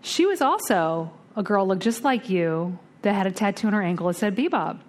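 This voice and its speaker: A woman speaking at a twelve-step recovery meeting, telling a blunt, salty story with lively storytelling and acting out the other voices. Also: mid-range voice, moderate pace. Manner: lively storytelling, acts out the voices in her tale; blunt and salty, casual swearing.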